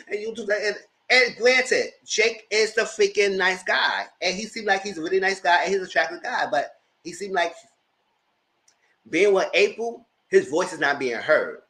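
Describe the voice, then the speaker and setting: A man's voice: high voice, very animated, moderate pace, pushed and bright. A man giving casual, slangy, gossipy commentary while reviewing reality TV. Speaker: TV show reviewer.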